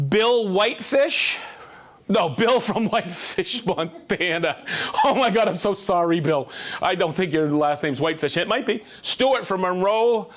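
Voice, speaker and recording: High-voiced upbeat man hosting a live stream. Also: a bit bright. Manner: upbeat, quick, jokey, greets viewers by name and town. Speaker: host of a live-streamed tool show. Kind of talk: casual live-stream shout-outs.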